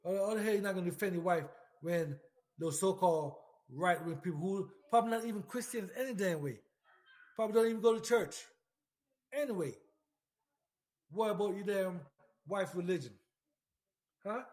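A military veteran with a high, darkish-toned voice delivers emphatic political commentary at normal speed, with long pauses. He rants, repeats himself, swears, and fires lots of questions straight at the listener.

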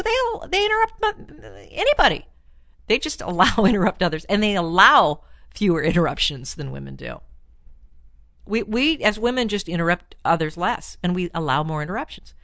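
Lively bright-voiced woman advice host. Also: medium pitch, no echo. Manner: chatty and animated, laughs often, plays up lines with mock exclamations. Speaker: radio advice host and relationship therapist. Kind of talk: casual advice talk answering listener letters.

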